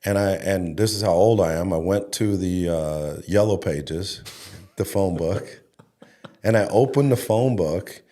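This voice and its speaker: A middle-aged man with a low, mellow voice tells his story in a casual interview. He talks in a loose, chatty way, full of fillers and with a bit of mild swearing thrown in. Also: unhurried. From Denver, Colorado, USA. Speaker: head coach, interview guest.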